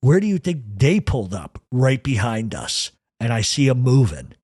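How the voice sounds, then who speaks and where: Husky guy telling a wild crime story, swearing a lot, dry close sound. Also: medium pitch, very animated, a little mellow, dry recording. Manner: profane, intense, rapid retelling. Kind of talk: casual first-person storytelling.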